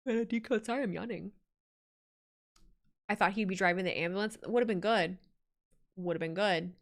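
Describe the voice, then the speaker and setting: A woman's voice: mid-range voice, fairly bright tone. A woman live-streaming her reaction to a wrestling show, chatting casually, laughing often and reading viewer messages aloud.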